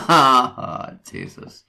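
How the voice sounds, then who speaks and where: A man hosting a casual podcast, hesitant and quick to laugh. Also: bright, forceful tone. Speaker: podcast host.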